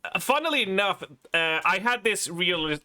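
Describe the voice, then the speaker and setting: A man in his thirties talks loosely to his stream chat, wandering from thought to thought and breaking into laughs. His voice sits a little high and comes across bright and forward. He sounds like a streamer talking into a desk mic at home. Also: lively intonation, moderate pace. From Sweden. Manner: rambling, laughing, swearing. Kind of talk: casual live-stream chat.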